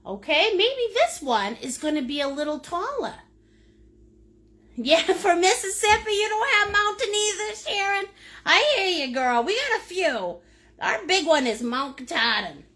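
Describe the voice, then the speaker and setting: A middle-aged woman runs a live painting lesson, with a voice that swoops widely and sits high. She is playful and silly, greets viewers by name and laughs often, and she talks at a relaxed, slow pace. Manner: laughs often while talking. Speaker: painting instructor.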